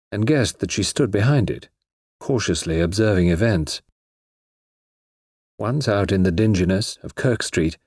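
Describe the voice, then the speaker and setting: A man reading a story aloud as narrator, in a husky voice with measured, expressive storytelling. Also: fairly low pitch, no room sound, studio quality.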